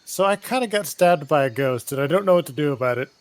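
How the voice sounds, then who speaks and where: A man's voice: fairly high pitch, animated, quick pace. A man joking around as a player in a tabletop game. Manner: wisecracking, teasing. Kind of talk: casual tabletop game chat.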